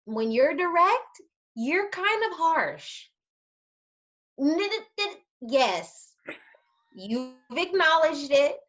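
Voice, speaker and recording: High, lively young woman on lo-fi audio. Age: young adult. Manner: animated, playful, teasing. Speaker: podcast co-host. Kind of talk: casual chat. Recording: dull lo-fi sound.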